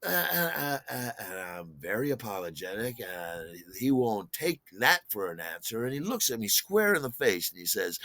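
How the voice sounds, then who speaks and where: A man's voice: lowish voice, moderate pace, few pauses, no echo. A man in his sixties telling a personal story casually, rambling with fillers and acting out quotes. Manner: animated, rambling, many fillers and restarts, acts out quotes.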